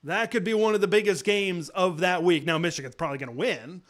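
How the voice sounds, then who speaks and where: A man with a fairly high voice hosts a live college football talk show. He chats off the cuff with fillers and restarts, and his voice leaps up whenever he throws out a rhetorical question. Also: quick pace. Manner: excitable, pitch jumps high on rhetorical questions; conversational with frequent fillers and restarts. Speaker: sports talk host.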